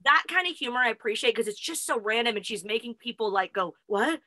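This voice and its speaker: A woman's voice: on the high side, lively intonation, fast, bright, forceful tone, no echo, low-quality recording. A woman co-hosting a casual chat, telling stories with little laughs between phrases. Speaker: co-host.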